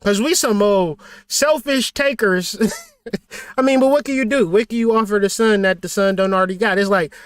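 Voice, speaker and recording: Blunt, high-voiced man preaching motivation. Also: moderate pace, clean tone, dry recording, studio quality. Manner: blunt, profane, preachy with rhetorical questions. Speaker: spiritual teacher and channel host. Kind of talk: motivational livestream talk.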